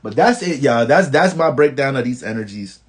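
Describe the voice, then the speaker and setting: A man from the Bronx with a New York accent, talking astrology in a casual vlog, full of swearing and animated stories. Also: mid-range voice, moderate pace. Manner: profane, animated storytelling.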